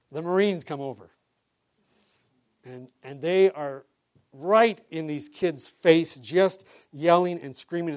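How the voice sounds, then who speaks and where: A middle-aged male pastor preaching a sermon and telling stories in an animated way, chuckling along. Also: a little high.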